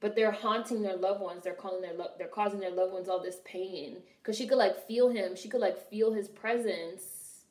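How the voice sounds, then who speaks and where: A woman's voice: mid-range voice, fairly even intonation, normal speed, few pauses, a little mellow, reverberant. A young woman casually commenting on a film during a live stream, swearing freely and answering her chat. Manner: chatty, swearing, reads and answers viewer chat.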